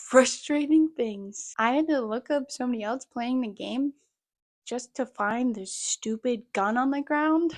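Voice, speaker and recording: A woman's voice: on the high side, darkish tone, no echo. A woman giving joking, sarcastic commentary on an old game. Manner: sarcastic, jokey. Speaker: gaming video host.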